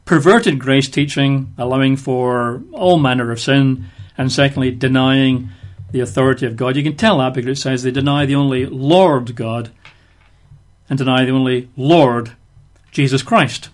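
A man's voice: medium pitch, moderate pace, few pauses. A man giving conversational Bible teaching, explaining verses with everyday examples.

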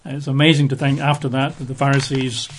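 A man teaching from the Bible, reading passages aloud and then explaining them in relaxed, chatty asides. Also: mid-range voice, fairly quick, a little hiss or hum. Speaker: preacher.

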